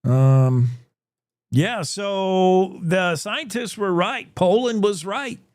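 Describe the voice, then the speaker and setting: A man's voice: sits high, drawn-out words, darkish tone, no room sound, clean studio sound. A man hosting a news show, joking and rambling with comic asides. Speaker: show host. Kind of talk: casual news commentary.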